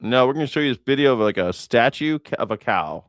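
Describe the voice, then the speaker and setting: A man's voice: medium pitch, animated, fast, no echo. A man hosting a political reaction show, talking in a sarcastic, profane, mocking way. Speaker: host. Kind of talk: casual political reaction commentary.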